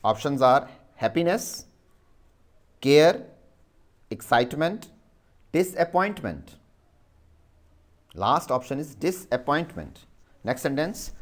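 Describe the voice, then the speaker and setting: A man's voice: a little high, very animated, slow, pauses often. A male teacher with a Pakistani English accent, dictating a vocabulary exercise and spelling words letter by letter.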